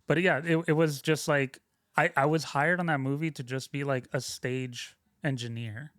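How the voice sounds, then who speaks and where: A man's voice: on the high side, steady tone, moderate pace, fairly bright tone, no echo. Rambling male guest, dry close sound. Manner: loose, rambling, lots of fillers and restarts. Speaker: guest, film sound mixer. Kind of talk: casual interview storytelling.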